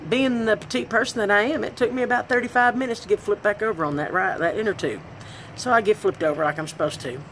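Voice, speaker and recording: A woman vlogger telling a comic personal story, animated and self-deprecating, laughing as she goes. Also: fairly low pitch, slight background noise, low-quality recording.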